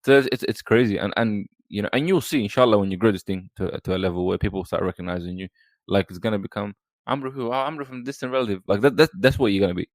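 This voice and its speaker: A podcast guest, talking casually and rambling with lots of fillers and restarts. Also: male voice, lowish voice, fast talker, no echo. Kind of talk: casual chat.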